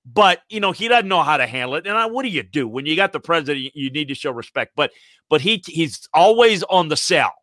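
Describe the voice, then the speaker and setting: Older guy talking college football, bright sharp voice, dry close sound, rambles and restarts a lot. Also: a little high, fairly quick, no room sound. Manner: rambling, animated, many restarts. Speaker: sports commentator. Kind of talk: casual sports talk.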